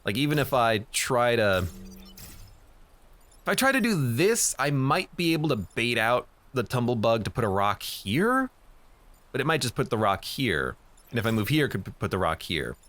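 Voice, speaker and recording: Animated man talking through a game. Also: mid-range voice, normal speed. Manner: thinks aloud, plans moves, corrects himself. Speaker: streamer. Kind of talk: live game commentary.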